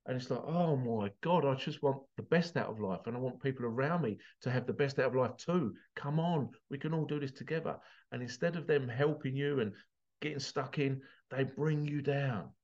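A man's voice: medium pitch, normal speed, a little mellow. Passionate swearing man, muffled sound. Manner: passionate, swears, voice breaking with emotion. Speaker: motivational vlogger. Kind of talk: emotional motivational monologue.

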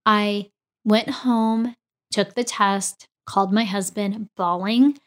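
A woman's voice: mid-range voice, slow. A woman in her forties, a podcast host, telling a personal story and acting out the dialogue with energy. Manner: animated, acts out quoted dialogue.

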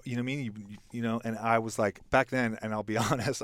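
A man's voice: on the low side, fairly even intonation, fast, hardly any pauses, fairly bright tone. A middle-aged man talking as a podcast guest, telling a reflective story with lots of restarts and fillers. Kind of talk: casual podcast conversation.

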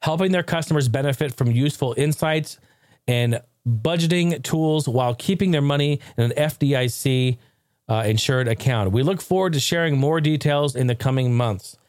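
A man's voice: medium pitch, normal speed, darkish tone, dry recording, clean studio sound. A man hosting a casual tech talk show, swearing freely, laughing often and rambling animatedly.

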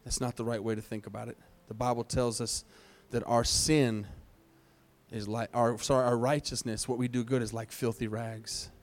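A man's voice: medium pitch, flat delivery, normal speed. Earnest man preaching an altar call. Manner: earnest, pleading, repeats phrases. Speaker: pastor. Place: church service.

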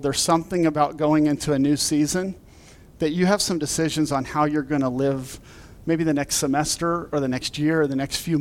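Animated pastor man, higher voice. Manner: animated storyteller, laughs through his anecdotes. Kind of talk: sermon with a humorous personal story.

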